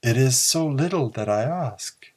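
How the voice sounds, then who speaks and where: A man voicing a seductive, mysterious siren woman in a soft, purring voice. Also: medium pitch, animated, unhurried, voice pushed up. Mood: tempting.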